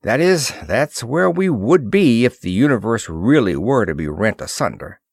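A man voicing a wisecracking, easygoing young male space flyer in an audiobook, with quick, jokey, slangy talk. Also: medium pitch, big pitch swings, gravelly, breathy edge, no room sound, studio quality, heavily acted. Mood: joking. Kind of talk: audiobook character voice.

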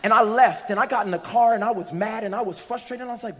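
A man delivers a sermon, moving from a storytelling tone to loud, shouted exhortation. His voice sits high for a man. The sound rings with the long reverb of a big church hall. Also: expressive, very fast, few pauses. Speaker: preacher. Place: church sanctuary.

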